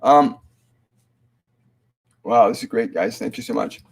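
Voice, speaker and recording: Slow, halting male spiritual medium. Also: mid-range voice, gravelly, husky. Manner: halting, with many fillers and restarts; slow, measured delivery when relaying messages. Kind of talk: live-stream Q&A reading.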